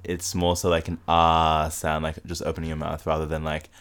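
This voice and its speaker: A man hosting a podcast in casual chat, with a mixed Australian and British accent, relaxed and rambling with lots of filler words. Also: rumbling low, a little fast. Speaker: podcast host.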